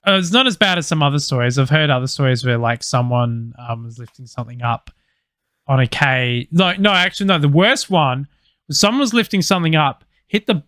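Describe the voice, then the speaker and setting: A man's voice: on the high side, expressive, a little fast, fairly bright tone, no echo, studio quality. A man casually telling a podcast story, loose and sweary with lots of fillers. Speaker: podcast co-host.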